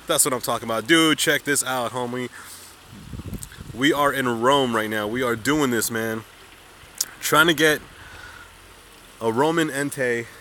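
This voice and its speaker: A man's voice: mid-range voice, a bit bright, a little hiss or hum. A young man live-streaming a mobile game outdoors on a city street, chatting to viewers in a hyped, slangy way and calling everyone dude and man.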